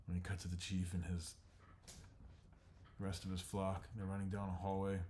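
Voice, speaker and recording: Deep-voiced man pitching a storyboard. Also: monotone, moderate pace, darkish tone, a little hiss or hum. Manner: terse present-tense shot-by-shot telling, voices dropped in. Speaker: storyboard artist.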